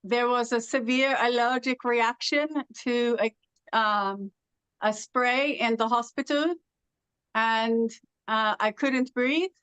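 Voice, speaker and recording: A woman's voice: fairly high pitch, slow, fairly bright tone, smooth, no echo, dull audio. A middle-aged woman from Los Angeles with Irish-sounding R's, telling stories in casual conversation with many "uh" fillers. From Los Angeles, United States. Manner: storytelling with frequent uh fillers. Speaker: interview guest.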